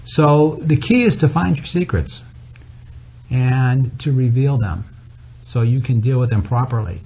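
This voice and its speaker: A man talking as a podcast guest and author, candid and blunt, telling personal stories with animated delivery. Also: medium pitch, a little slow, husky, highs cut off. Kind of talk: casual podcast conversation.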